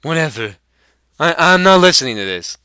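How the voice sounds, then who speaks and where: A man's voice: a little high, big pitch swings, normal speed, pushed and bright, clean tone, no room sound, studio quality, pitched above the performer's own voice. A young man voicing a brash, profane sports bettor who trades crude insults. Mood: heated. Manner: crude insulting trash talk.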